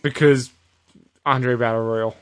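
A man co-hosting a podcast, giving an animated casual recap with plenty of swearing. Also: medium pitch, takes it slowly. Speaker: podcast co-host. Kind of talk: casual chat.

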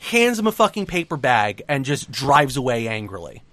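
A man co-hosting a casual podcast, recapping events in an animated, heavily profane way. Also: medium pitch, moderate pace, no room sound. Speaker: podcast co-host recapping wrestling. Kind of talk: casual chat.

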